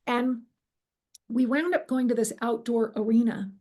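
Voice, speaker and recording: A middle-aged woman recounting a personal near-death experience in an interview, animated and acting out what people said, with frequent fillers. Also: on the high side, unhurried. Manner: animated storyteller, acts out quoted dialogue, frequent fillers. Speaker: guest telling her near-death experience.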